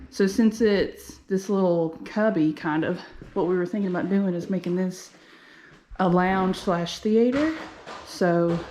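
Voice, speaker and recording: A woman's voice: mid-range voice, dark tone, a little hiss or hum. A woman giving a casual, upbeat walking tour of an empty commercial unit, thinking aloud as she goes. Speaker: vlogger and game lounge owner.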